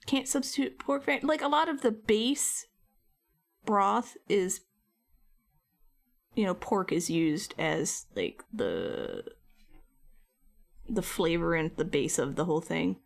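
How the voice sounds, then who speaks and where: A woman's voice: fairly low pitch, animated, slow, gravelly, pauses often. A woman chatting loosely and rambling between topics while she crafts on a live stream. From United States. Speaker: art streamer.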